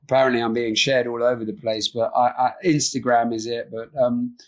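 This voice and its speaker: A man speaking as a podcast guest in an earnest, soft-spoken way, often trailing off and restarting, recorded over a remote call. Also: mid-range voice, little pitch movement, fairly quick. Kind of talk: reflective interview talk.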